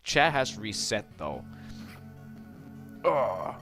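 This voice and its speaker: A man's voice: lowish voice, lively intonation, unhurried, fairly bright tone, soft background music. A young man from the Netherlands commentating casually on his own game livestream, rambling, trailing off and restarting his sentences. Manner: rambling, trails off and restarts while fiddling with settings. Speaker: gaming streamer.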